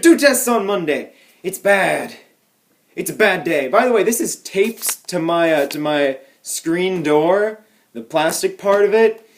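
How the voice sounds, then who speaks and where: A young man talks straight to the camera from home, spinning a tiny everyday mishap into a mock-tragic tale. His voice sits a little high for a man, and he plays the story with deadpan exaggeration. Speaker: vlogger.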